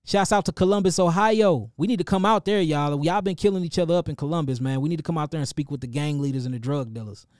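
A middle-aged man with a St. Louis accent hosts a casual livestream, giving animated, preachy shout-outs and calling his listeners family. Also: fairly high pitch, fast talker, hardly any pauses, no room sound, clean studio sound. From St. Louis, Missouri. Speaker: livestream host and healer.

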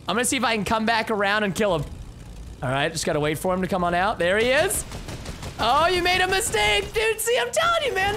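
A young man giving live gameplay commentary as a streamer, excitable and chatty, with bursts of yelling at the game. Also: high voice, vocal fry, a little hiss or hum. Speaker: gaming livestreamer.

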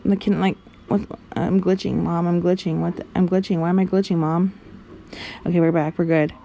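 A woman's voice: lowish voice, steady tone, brisk, creaky, warm tone, slight background noise. A woman vlogger giving goofy, sing-song commentary while playing a driving game. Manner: silly, giggly, sing-song rambling.

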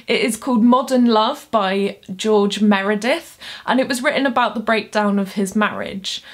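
Chatty nerdy young woman. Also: mid-range voice. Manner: chatty, nerdy, self-deprecating asides. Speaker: poet and booktuber. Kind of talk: casual explainer video.

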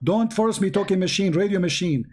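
Hoarse, combative man yelling at a caller. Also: high voice, a little fast, a little hiss or hum. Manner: shouting, repetitive, combative. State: hoarse, losing his voice. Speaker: livestream debate host. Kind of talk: heated call-in debate.

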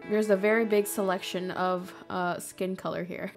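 A young woman hosts a casual let's-play, giggling nearly all the time as she reacts to the game. Her delivery is slow and easygoing, with a medium pitch. Faint game music plays behind her voice. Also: little pitch movement. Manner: giggly, laughs constantly. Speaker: gaming channel host.

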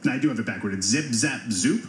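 A man's voice: medium pitch, animated, fast talker, a bit bright, a little hiss or hum. Male radio host, casual and joking, roomy room sound. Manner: playful, banters with guests. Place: radio studio.

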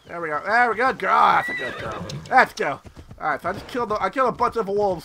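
A young man giving excitable, casual let's-play commentary, with loud outbursts and constant swearing. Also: sits high, fast talker, gravelly, background noise. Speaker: gameplay streamer.

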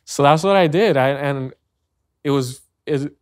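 A man's voice: a little high, measured pace, no echo. A man from Hawaii with a Hawaiian accent, chatting casually as a podcast guest, laid-back and slangy, laughing often. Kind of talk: casual chat.

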